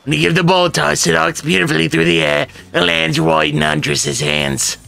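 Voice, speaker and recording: Gravelly man reading game narration. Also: fairly high pitch, level tone, normal speed, bright, forceful tone, faint music behind. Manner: wry, theatrical narration with joking asides. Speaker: let's play host. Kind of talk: reading a game's narration aloud.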